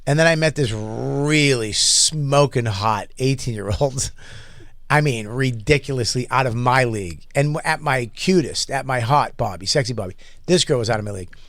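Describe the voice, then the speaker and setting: A man's voice: medium pitch, moderate pace, fairly bright tone, dry recording. A man hosting a casual comedy podcast, telling stories loosely with swearing and frequent laughs. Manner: storytelling with profanity and laughter. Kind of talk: casual chat.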